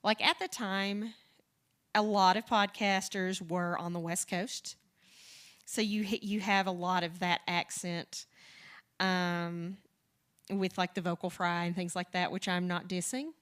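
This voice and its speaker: A woman's voice: lowish voice, flat delivery, a little slow, fairly bright tone, clear, resonant tone. Chatty woman from the American South. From Southern United States. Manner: rambling and chatty, with frequent restarts and light laughs. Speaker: podcast co-creator, guest. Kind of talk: casual conversational interview.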